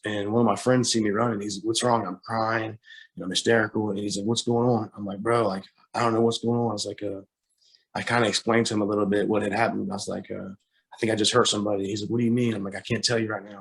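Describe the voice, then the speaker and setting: A young man, a guest on a talk show, telling a hard personal story, halting with fillers and restarts, close to tears at times. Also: lowish voice. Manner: halting, with many fillers and repeated starts.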